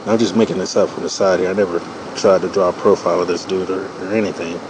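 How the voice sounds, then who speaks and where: Talking fast with a low voice and fairly even intonation, a man in his forties riffs profanely and comically while drawing cartoons, saying "you know" constantly. The background is noisy.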